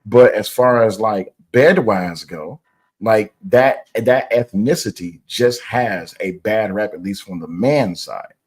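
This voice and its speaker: A blunt man on a discussion panel who swears freely and cuts in on others. His voice sits fairly low. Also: slow pace, breathy edge.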